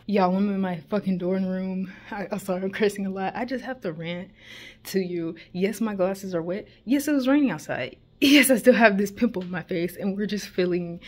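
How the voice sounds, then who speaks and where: A young woman, a college student, telling a story in a casual ranting vlog, animated and swearing freely. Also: medium pitch, normal speed. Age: young adult. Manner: animated, profane, emphatic storytelling.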